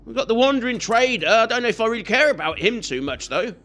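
A man's voice: very high voice, sing-song, fast, pushed and bright. A man giving chatty let's play commentary, teasing and scolding the game and its characters as he plays. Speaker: gaming YouTuber.

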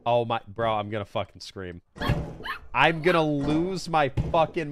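A man streaming a game, commenting live and swearing, swinging from low mutters to loud shouts. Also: lively intonation, measured pace, a little hiss or hum.

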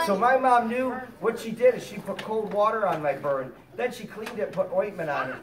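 In a preschool classroom, a man puts on a fire safety show, telling a story in an animated, sing-song way and talking down warmly to the little kids. His high voice moves at normal speed with few pauses, amid crowd noise. The roomy, distant recording picks up young children chattering and answering.

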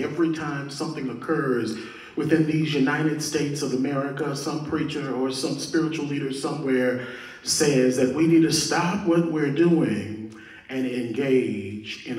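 A male pastor preaching a sermon, moving from quiet prayer to emphatic, repeated points. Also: medium pitch. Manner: prayerful and hushed at first, building to emphatic preaching with repetition. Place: church sanctuary. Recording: echoey room, mic at a distance.

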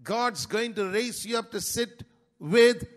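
High-pitched male pastor preaching in church, swings from loud to quick asides. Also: expressive. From India. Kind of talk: sermon.

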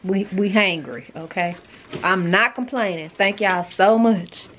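A woman's voice: mid-range voice, unhurried, a bit bright, slight background noise. A woman hosting her own vlog, chatting casually and informally to the camera as she goes about her day. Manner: chatty, informal, Southern-style slang. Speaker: vlog host.

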